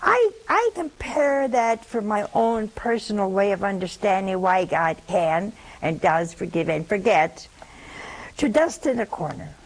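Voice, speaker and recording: Gravelly older woman preaching folksy sermon. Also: medium pitch, expressive, unhurried, rough recording. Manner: folksy, humorous, acts out quoted dialogue. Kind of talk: sermon with storytelling.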